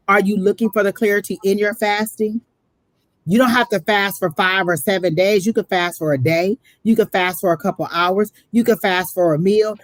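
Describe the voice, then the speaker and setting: A woman's voice: on the low side, dry recording. A woman giving a live psychic reading, preaching emphatically and calling the listener honey, emotional and close to tears. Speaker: psychic reader.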